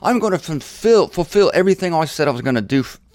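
A man's voice: a little high, expressive, quick pace, darkish tone, dry recording, voice pushed up. A man voicing God as a jaunty, condescending deity with a put-on accent. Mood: playful. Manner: theatrical, breezy and condescending.

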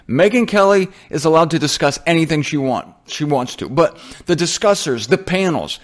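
A middle-aged man giving informal Bible teaching, animated and self-mocking, often wandering off on tangents. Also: a little high.

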